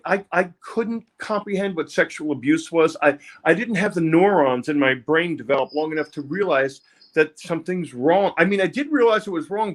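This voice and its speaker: An older man, telling his life story haltingly in an interview, often repeating words. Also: a little high. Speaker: interview guest, music producer. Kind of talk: candid personal storytelling.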